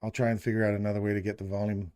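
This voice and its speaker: A man's voice: lowish voice, flat delivery, racing, mellow. A middle-aged man hosting a live stream, chatting casually in a jokey, rambling, self-deprecating way. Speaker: livestream host.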